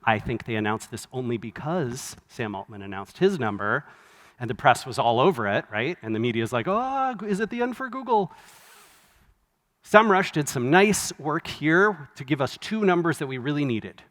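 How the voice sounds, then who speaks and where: A man giving a live conference keynote, conversational and wry, with quick asides and self-corrections. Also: mid-range voice, animated, fairly bright tone. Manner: wry, laughs at his own jokes. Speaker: conference speaker. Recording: long hall reverb from a live venue.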